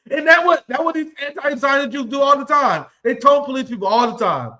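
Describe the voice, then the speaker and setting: A man's voice: very high-pitched, animated, normal speed, bright, forceful tone. A young man giving heated, profane political commentary, combative and mocking as he reacts to clips.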